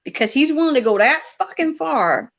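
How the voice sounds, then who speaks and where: A woman with a high, bright voice that swings up and down a lot hosts a casual podcast chat. She talks in an animated, profane way and laughs often. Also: moderate pace. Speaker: podcast host.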